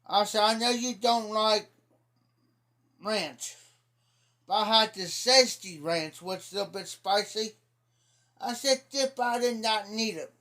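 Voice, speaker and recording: Speaking unhurriedly with long pauses, the middle-aged livestream host from Ohio rambles through folksy stories, peppering them with "I said." His voice is high, bright, and forceful.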